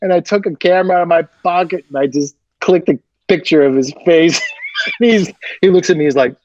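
A man, a guest actor, telling an animated anecdote and acting out the voices of the people in it, laughing often. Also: high-pitched, fairly quick, dry recording, dull audio.

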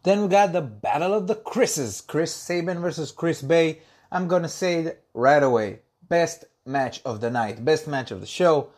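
A man's voice: fairly high pitch, normal speed, a little mellow. A man hosting a solo podcast, talking loosely with lots of ums and uhs and repeating words as he corrects himself. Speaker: podcast host. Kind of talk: casual solo podcast review.

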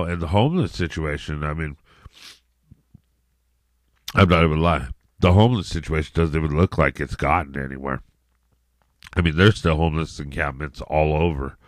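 Man, extremely low voice, dry close sound, rambling, profane, casual solo podcast. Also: dry recording. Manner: rambling, profane, repeats words and restarts, frequent "you know what I mean". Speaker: podcast host.

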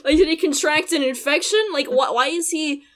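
A woman's voice: high voice, a little fast. A woman co-hosting a podcast, chatting casually and laughing often, with many "like" fillers. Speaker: podcast co-host. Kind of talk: casual chat recapping an anime.

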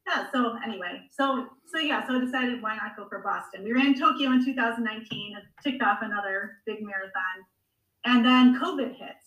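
Woman, 40s, podcast guest, bright and animated, recorded in a roomy space a little far from the mic. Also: on the high side, fairly quick. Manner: chatty, animated storytelling with laughs. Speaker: guest, amateur marathon runner. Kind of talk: conversational podcast interview. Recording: echoey room, voice a bit off-mic.

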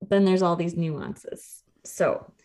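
A nutrition coach in her thirties co-hosts a podcast, explaining things in chatty, easygoing fashion and laughing easily. Her voice is low-leaning and dark, and she takes her time.

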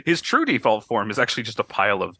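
Lively, husky-voiced game master. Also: male voice, on the low side, fast talker, dry recording. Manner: playful, joking, breaks into laughter. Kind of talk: narrating a comedic tabletop game.

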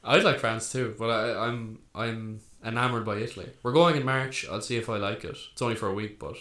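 Young male co-host, relaxed chatty banter, swears freely. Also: fairly low pitch, brisk. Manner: laid-back, swears freely, laughs often. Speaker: podcast co-host. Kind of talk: casual banter.

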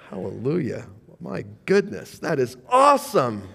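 Animated preaching man in a reverberant hall. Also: fairly high pitch, measured pace, creaky. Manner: animated preaching, swinging from loud bursts to quiet intensity. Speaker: pastor. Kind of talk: sermon. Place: church sanctuary.

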